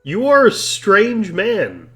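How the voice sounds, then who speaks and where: A man's voice: high voice, big pitch swings, slow, pushed and bright, faint music behind. A man giving joking, rambling commentary over a video game he is playing. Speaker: let's play commentator. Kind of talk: casual commentary over gameplay.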